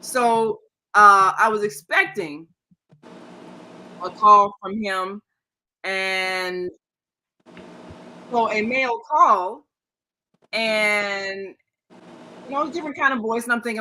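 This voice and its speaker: A woman's voice: mid-range voice, a little slow, pauses often, sharp tone, rough recording. An older woman and co-host, rambling through a family story in casual chat with many restarts.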